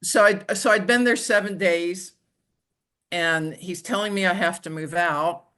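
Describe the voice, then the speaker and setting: A woman telling her own story as an interview guest, in a halting way with frequent restarts and "you know". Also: on the low side, a bit bright. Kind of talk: conversational personal storytelling.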